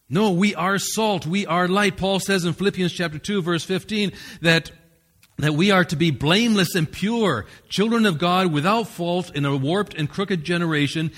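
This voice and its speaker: A man's voice: fairly high pitch, moderate pace, fairly bright tone. A man, the pastor, preaching a sermon in an earnest, emphatic way, restarting phrases now and then.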